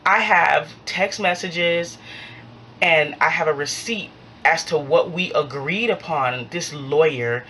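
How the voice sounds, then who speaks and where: A vlogger shares a storytime in a low, full voice, speaking slowly. She's animated and performs every quoted line as she tells it, while a faint hiss runs underneath.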